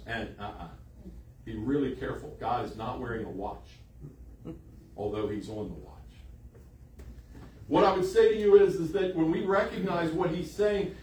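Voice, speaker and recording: A man preaches with emphasis, driving home his points by repeating phrases. His voice sits slightly high and carries from a distance. The room around him rings with echo, and faint ambient noise sits beneath him. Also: a little mellow. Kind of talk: sermon.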